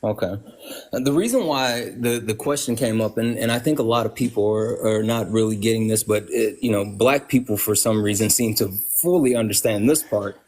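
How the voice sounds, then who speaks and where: A man's voice: fairly low pitch, fairly quick, darkish tone. A man hosting a live stream who talks in an earnest, urgent way and often restarts his sentences. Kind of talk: casual live stream chat.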